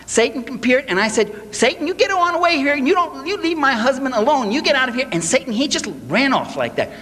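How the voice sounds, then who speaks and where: A man voicing a folksy preacher's wife who shoos off Satan, in a high-pitched, shrill, mocking imitation. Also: big pitch swings, fast talker, bright, forceful tone, full character voice. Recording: live lecture hall reverb, faint hiss.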